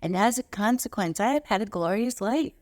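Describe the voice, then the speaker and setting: Animated woman giving a spiritual talk. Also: medium pitch, a little fast. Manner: animated storytelling, voice lifts on key points. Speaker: spiritual teacher. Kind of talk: motivational talk.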